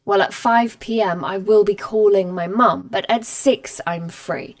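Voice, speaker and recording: A woman's voice: mid-range voice, measured pace. A woman teaching a live online English grammar lesson, explaining patiently and reading out example sentences. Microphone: camera mic.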